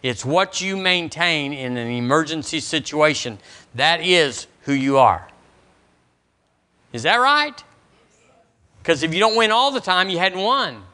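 A man's voice: fairly high pitch, unhurried, pauses often. A man preaching a sermon as a pastor, throwing questions to the congregation. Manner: animated preaching, quizzes the congregation. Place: church service.

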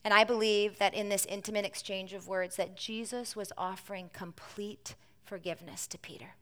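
A woman preacher giving a sermon to a congregation in church. She tells the story in an animated way, moving between emphatic lines and hushed ones. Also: mid-range voice, normal speed.

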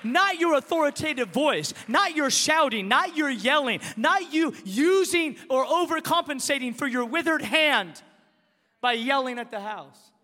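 A male pastor preaching a sermon with passion, swinging between forceful declarations and hushed, quiet passages. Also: extremely high pitch, expressive, a little slow. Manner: impassioned preaching, rising and dropping to a hush. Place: church hall with long reverb. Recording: reverberant hall sound.

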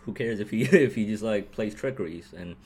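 A man co-hosting a sports podcast, talking in a rambling, animated way, laughing often and asking "you know what I mean" again and again. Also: fairly low pitch, a little fast, slight background noise. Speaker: podcast co-host. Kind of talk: casual sports chat.

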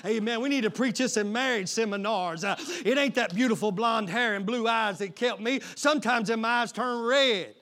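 A middle-aged man preaches to his congregation in a high, bright, ringing voice. He moves between quiet, confiding asides and shouted call-and-response, pushing the room for amens. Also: moderate pace, few pauses. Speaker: pastor. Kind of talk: sermon. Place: church sanctuary.

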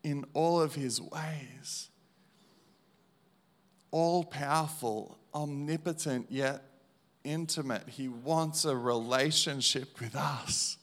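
A man preaching an evangelistic sermon and sharing his testimony, repeating phrases slowly and emphatically, swinging between hushed and loud. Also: a little high.

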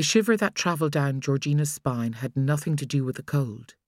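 A woman with an Irish accent reading a thriller audiobook in a measured, expressive way. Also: a bass voice, dry recording, studio quality. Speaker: audiobook narrator. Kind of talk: scripted narration.

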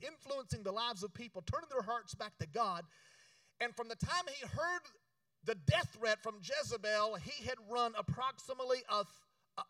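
A man preaching a sermon, urging the congregation to repeat after him and switching between loud exhortation and quiet storytelling. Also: sits high, no room sound, recorded from a distance, rough recording. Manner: emphatic, call-and-response preaching. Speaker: pastor.

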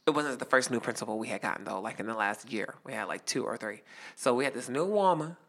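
Bright-voiced young man telling a story. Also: medium pitch, quick pace. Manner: animated, acts out quotes. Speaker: guest performer. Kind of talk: casual storytelling.

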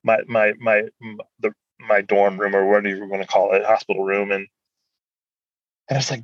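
A man as a guest, telling a personal story in an animated, rambling way. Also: fairly low pitch, a little fast, no room sound, muffled recording.

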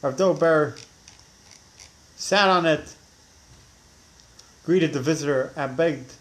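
A man's voice: fairly high pitch, slow, fairly bright tone. A man teaching a religious class who tells stories animatedly, acting out the characters, with frequent restarts. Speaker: Torah teacher.

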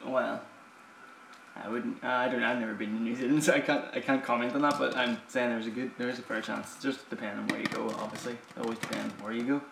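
Guy w/ gravelly voice chatting on a podcast, laughs a lot, echoey room, bit of hiss. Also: medium pitch, fairly even intonation, quick pace. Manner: laughs often, self-described loud person. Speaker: podcast co-host. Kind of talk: casual chat.

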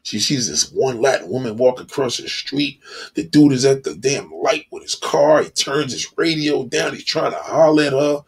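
A man delivering a blunt, profane monologue, animated and acting out the people he talks about. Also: medium pitch, normal speed, gravelly, slightly rough.

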